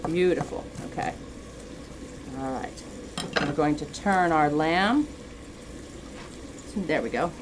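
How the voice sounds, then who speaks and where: A woman's voice: deep voice, expressive, slow pace, pauses often, background noise. A woman guest chef giving a chatty cooking demonstration in a TV studio kitchen, explaining each step as she goes.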